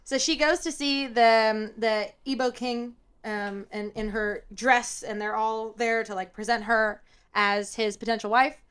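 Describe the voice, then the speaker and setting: A woman's voice: fairly high pitch, steady tone, measured pace, fairly bright tone, clear, resonant tone. A woman in a casual podcast chat who recaps a reality show and acts out the lines she quotes. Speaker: podcast correspondent.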